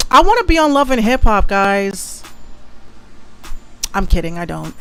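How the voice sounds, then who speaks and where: A woman's voice: mid-range voice, sing-song, a little slow, pauses often. A young woman from the Bronx with a Bronx accent, hosting a casual livestream, brash and boastful, repeating herself often. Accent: New York, Bronx. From the Bronx, New York. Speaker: livestream show host, rapper and producer.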